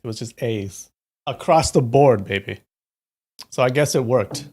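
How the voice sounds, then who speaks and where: Gravelly young man chatting to his stream. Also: medium pitch, unhurried, darkish tone. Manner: rambling storytelling, clears throat often. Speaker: livestream host. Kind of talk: casual chat with live viewers.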